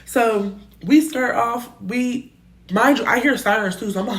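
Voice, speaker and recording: A young woman telling a casual storytime, animated and slangy, swearing freely and jumping between loud bursts and muttered asides. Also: fairly high pitch, unhurried. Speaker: storytime vlogger.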